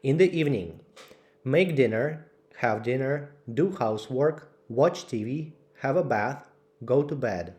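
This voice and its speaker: A man slowly reading out English vocabulary lists for learners, word by word with clear pauses. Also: mid-range voice, animated, darkish tone. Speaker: English teacher. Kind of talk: slow vocabulary drill.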